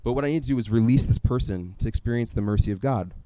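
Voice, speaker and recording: A man preaching a sermon in a conversational, animated storytelling way, often acting out his own asides. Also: mid-range voice, fast, no echo. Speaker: pastor.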